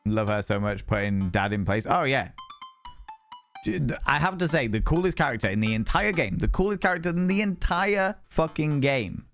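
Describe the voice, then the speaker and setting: A man's voice: mid-range voice, expressive, normal speed, fairly bright tone, soft background music. A man casually playing a dating game on stream, reading the text aloud and rambling to chat.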